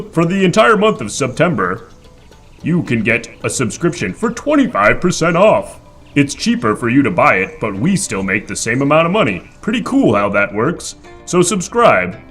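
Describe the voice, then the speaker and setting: A man's voice: mid-range voice, very animated, moderate pace, fairly bright tone, faint music behind. A man playing a hammy, man-eating mountain creature who hosts a live improv comedy stream, talking playfully and theatrically. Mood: promo hype. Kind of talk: improv comedy role-play.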